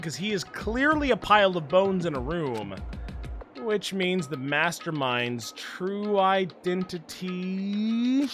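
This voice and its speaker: A male streamer giving animated, jokey let's play commentary and reading game text aloud. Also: sits high.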